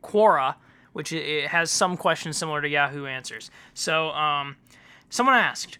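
Bright, dry-miked man podcast host. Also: on the high side, moderate pace, smooth, dry recording. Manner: rambling, many fillers, deadpan jokes. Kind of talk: casual chat.

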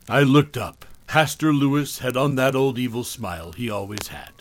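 Man, podcast horror narrator, calm even delivery, mid pitch, dry close sound. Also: normal speed, dry recording. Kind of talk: first-person horror story narration.

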